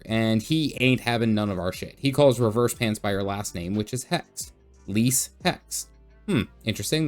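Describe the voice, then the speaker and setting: A man's voice: lowish voice, a little mellow. Jokey man recapping his game stream. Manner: jokey, goofy voices when quoting characters. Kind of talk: casual game recap narration.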